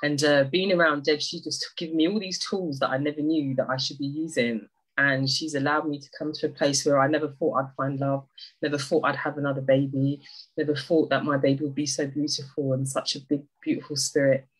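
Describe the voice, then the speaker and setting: A woman speaking on a video call, giving an emotional, halting thank-you to a friend and neighbour, often apologising and restarting. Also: sits low, fairly even intonation, breathy edge, rough recording.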